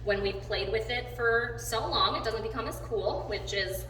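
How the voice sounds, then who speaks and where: Woman training a dog, fairly high voice, big excited praise then calm talk, far from the mic. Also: moderate pace, slight background noise. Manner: bursts of excited, high-pitched praise between calm explaining. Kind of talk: live training demonstration with commentary. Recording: very echoey room, voice from far off the mic.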